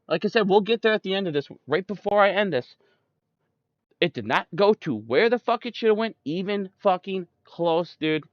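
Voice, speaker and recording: A man's voice: high voice, lively intonation, moderate pace, no echo. A young man ranting about politics, combative and full of swearing, addressing his listeners directly. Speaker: streamer. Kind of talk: political rant. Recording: dull, dry close-mic sound.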